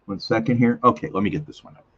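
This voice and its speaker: A man's voice: fairly low pitch, fast, a bit bright, slightly rough, lo-fi sound. A man hosting a casual live stream, chatting in a rambling, self-correcting way with lots of fillers. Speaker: host of a weekly live community show.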